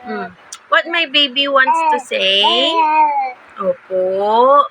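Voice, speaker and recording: A woman's voice: high voice, expressive, slow, noisy background. A young mother with a Filipino accent, coaxing her baby in sing-song baby talk for a home vlog.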